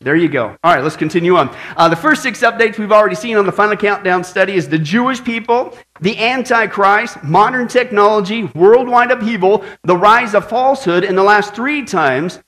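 A man's voice: sits high, fairly quick, few pauses. A man preaching a sermon, opening with a long joke and then turning to teaching, tagging many lines with "right?" to draw in the congregation. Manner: animated storyteller, tags lines with "right?". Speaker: pastor.

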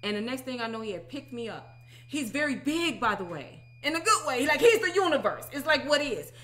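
A woman in her thirties giving an animated, emphatic personal testimony, often asking "okay?". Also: high-pitched, fairly quick. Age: 30s. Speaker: religious teacher.

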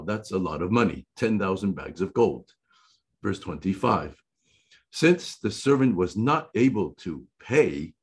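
A male preacher reads scripture slowly and deliberately, pausing on each verse. His voice is low and a little husky, and his pitch rises and falls a lot as he stresses key words. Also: a little mellow. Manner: slow, deliberate reading with emphatic repetition. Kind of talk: sermon reading and explaining scripture.

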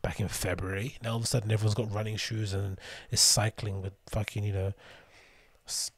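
A man's voice: on the low side, little pitch movement, brisk, husky, no room sound. A young man hosting his own show, rambling casually with sarcastic, swearing asides while reading news aloud. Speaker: podcast host. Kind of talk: casual solo rambling commentary.

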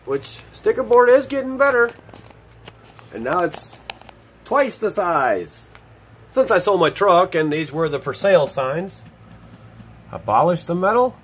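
A man opening fan mail on camera in an excited, gushing, exclamatory vlog chat. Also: high voice, measured pace, pauses often, slight background noise. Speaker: YouTube vlogger opening mail. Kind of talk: excited casual unboxing chat.

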